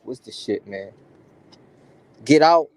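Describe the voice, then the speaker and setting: A man co-hosting a casual podcast, speaking haltingly with restarts and often trailing into a mumble. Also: mid-range voice, expressive, darkish tone. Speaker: podcast co-host. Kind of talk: casual banter.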